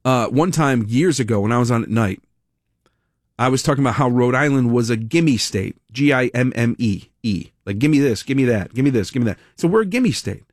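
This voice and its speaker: A man hosting a talk radio show, speaking in an animated monologue full of sarcastic asides and self-corrections. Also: mid-range voice, moderate pace, no room sound, clean studio sound. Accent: American. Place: radio studio. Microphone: studio microphone.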